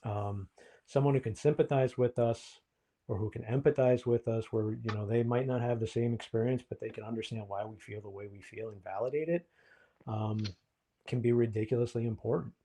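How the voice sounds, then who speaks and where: A man's voice: medium pitch, fairly quick, warm tone, a little hiss or hum. A man, a therapist co-hosting a podcast, explaining things in a reflective, casual way with frequent ums.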